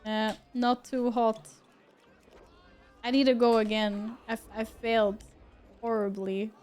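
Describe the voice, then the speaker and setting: A woman's voice: fairly high pitch, level tone, takes it slowly, a little mellow, faint music behind. A woman streaming a game, chatting casually with her viewers, laughing often and swearing now and then. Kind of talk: casual gameplay commentary.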